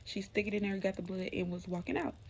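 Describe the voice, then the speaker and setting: A woman's voice: mid-range voice, flat delivery, fast talker, slight background noise. Chatty woman telling a spooky storytime. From Alabama, US. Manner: chatty, addresses viewers as y'all, drops to a hushed tone for spooky parts. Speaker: storyteller, channel host. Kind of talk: casual storytime chat to viewers.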